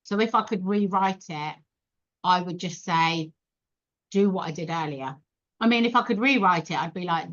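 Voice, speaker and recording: Lively woman telling stories. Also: fairly low pitch, normal speed. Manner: animated, laughing, acts out quoted voices. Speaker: podcast guest. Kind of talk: casual storytelling chat. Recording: dull lo-fi podcast audio.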